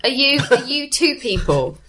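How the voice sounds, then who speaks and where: A woman's voice: high voice, sing-song, moderate pace, a bit bright. A woman playing a tabletop game, with dry, playful banter and frequent laughter. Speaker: player.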